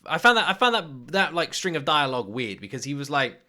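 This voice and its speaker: A British man hosting an anime reaction, talking in an animated, swearing, off-the-cuff way. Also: mid-range voice. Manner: animated, swears freely, quick asides and laughs. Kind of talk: casual reaction commentary.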